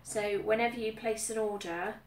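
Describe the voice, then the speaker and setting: A woman's voice: mid-range voice, fairly even intonation, normal speed. A woman from the UK chatting casually about her stitching, with frequent ums and repeated phrases. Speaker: cross-stitch vlogger. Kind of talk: casual chat. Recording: roomy echo, somewhat far from mic, faint background noise.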